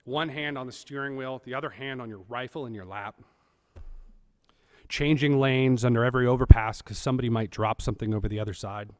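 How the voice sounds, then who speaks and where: A man's voice: mid-range voice, brisk, smooth, in a large hall. A man in his thirties from California, telling a humorous, self-deprecating personal story at a church service.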